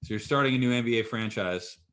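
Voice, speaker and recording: A young man hosting a casual podcast chat, relaxed and swearing freely. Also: medium pitch, fast. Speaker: podcast host.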